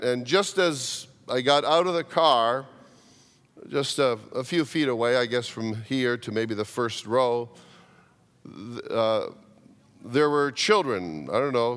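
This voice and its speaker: A man preaching a sermon in a church, telling a story with plenty of restarts and repeated words. His voice rises and falls a great deal as he acts out what others said, but his pace stays slow and unhurried. A long reverb hangs behind him in the big hall. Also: medium pitch, animated, a bit bright. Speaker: pastor. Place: church sanctuary.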